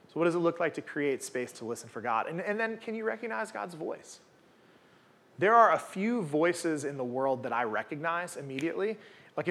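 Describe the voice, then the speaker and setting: A man's voice: on the high side, a bit bright. A man in his forties giving a casual, conversational sermon at a church gathering, full of rhetorical questions and tag "right?"s. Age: 40s. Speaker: guest preacher.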